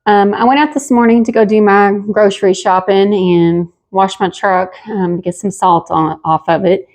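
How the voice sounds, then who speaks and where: A woman's voice: medium pitch, fairly even intonation, normal speed, darkish tone. A woman hosting a pottery channel, talking casually with lots of fillers and sounding a bit out of breath. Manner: chatty, homey, many fillers. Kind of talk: casual haul vlog.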